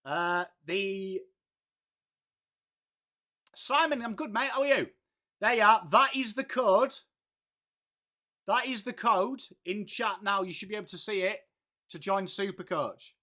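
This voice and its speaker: A high-pitched Englishman in his late thirties, with a bright, forward voice. He hosts a live stream in a loose, chatty way and calls everyone mate. He greets viewers by name. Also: unhurried, pauses often. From England. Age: late 30s. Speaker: livestream host. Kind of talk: casual live-stream chat.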